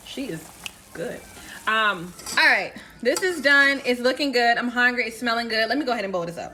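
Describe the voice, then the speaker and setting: In her home kitchen, a woman cooking vlogger demonstrates a recipe, chatty and playful as she speaks straight to viewers. Her voice is on the high side, pushed and bright, with a roomy sound.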